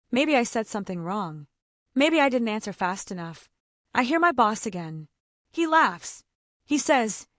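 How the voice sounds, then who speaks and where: Woman narrator for a graded reader: higher voice, lively pitch, simple clear sentences, dry booth sound. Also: no echo. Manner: simple short sentences, slow clear delivery. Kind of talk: scripted first-person story narration for English learners.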